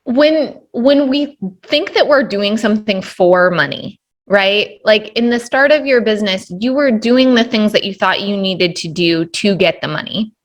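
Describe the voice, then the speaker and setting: A woman's voice: medium pitch, lively intonation, measured pace, hardly any pauses. A woman hosting a casual podcast interview, enthusiastic and affirming, laughing often. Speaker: podcast host.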